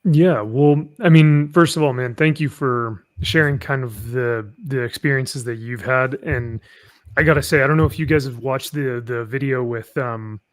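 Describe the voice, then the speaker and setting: A man's voice: mid-range voice, moderate pace, dry recording. A man speaking as a panel guest in a casual discussion, earnest and sometimes searching for words.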